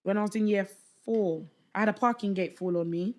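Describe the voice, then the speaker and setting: A young woman, a podcast guest telling a story in casual chat, animated and slangy, acting out the voices of people she quotes. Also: mid-range voice, a little fast. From London.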